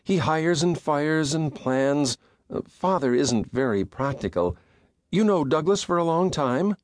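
A man voicing a cheerful, trusting young woman in an audiobook, bright and eager. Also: a little high, expressive, measured pace, dry recording, studio quality, pitched above the performer's own voice. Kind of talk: audiobook character voice.

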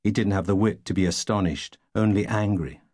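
Wry man narrating, low voice. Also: a little fast, no echo, studio quality. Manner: wry, deadpan storytelling. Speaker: audiobook narrator. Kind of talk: first-person novel narration.

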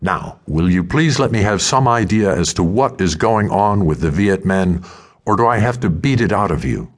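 A man's voice: low-pitched, animated, normal speed. A man voicing a blunt, defiant male legion sergeant who speaks curtly and insolently to a superior, in an audiobook. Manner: curt, insolent.

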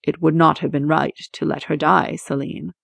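A woman narrator voicing a gentle male bear-man creature who speaks soothingly and calmly, with a rumble. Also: extremely slow, vocal fry, slightly rough, no room sound, exaggerated voice.

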